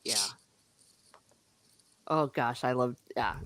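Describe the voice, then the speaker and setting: A woman hosting a casual book discussion, excitedly retelling the story and gushing over her favorite parts. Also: extremely low pitch, slow.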